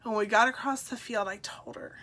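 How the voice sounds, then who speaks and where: Bright-voiced woman telling a painful story. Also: fairly high pitch, fairly even intonation. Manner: emotional, halting, with soft laughs. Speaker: speaker sharing her story. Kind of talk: personal testimonial talk.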